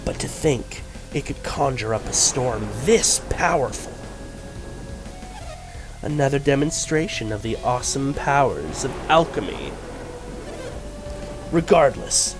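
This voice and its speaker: A man voicing a grim adult male villain from a video game in a low, solemn and measured tone. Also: animated, music in the background. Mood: grave.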